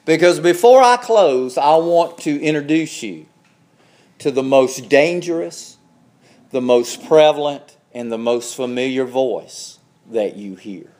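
A man preaching a sermon, slow and emphatic, climbing higher when he presses a point. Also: a little mellow.

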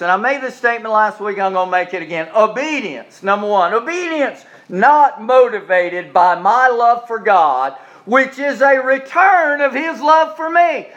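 A man, preaching a sermon in a folksy, joking way and slowing down to repeat his key points with emphasis. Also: very high voice, lively intonation, a bit bright, rough recording. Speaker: pastor.

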